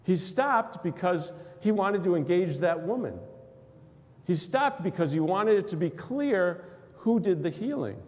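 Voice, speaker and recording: A man's voice: high-pitched, animated, a little slow, a little mellow. A man preaching a sermon as pastor, asking questions of the congregation and acting out quotes. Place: church sanctuary. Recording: long hall reverb.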